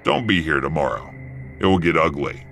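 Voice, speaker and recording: A rude, panicky truck driver in an animated horror story, cursing and barking his words, as a man puts him on. The voice sits deep but leaps about in pitch. He talks in short, brusque bursts. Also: a little fast, vocal fry, soft background music, full character voice. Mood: calmer, apologetic.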